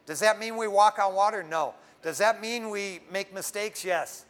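A middle-aged man preaching a sermon, conversational and emphatic, swinging from fervent prayer to hushed tones. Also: high-pitched, moderate pace. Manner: conversational, says "man" often. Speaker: pastor.

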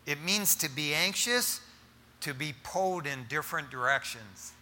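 A middle-aged man preaching as pastor, talking in an animated, casual way and often calling his listeners "man". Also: a little high, normal speed, in a large hall. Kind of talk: sermon.

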